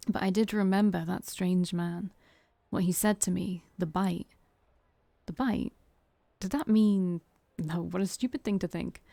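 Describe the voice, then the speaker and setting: A woman's voice: lowish voice, vocal fry, warm tone, dry recording. Brief: woman host, casual let's play narration, dry close mic. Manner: casual, chatty asides. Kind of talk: reading a visual novel aloud with chat.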